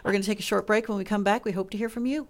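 A woman hosting a call-in radio show, speaking in a measured, diplomatic way with hesitant fillers. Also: mid-range voice, steady tone. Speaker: radio host.

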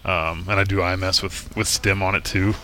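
Low bright-voiced man in casual interview. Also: a little hiss or hum. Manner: relaxed, halting with fillers. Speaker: football player guest.

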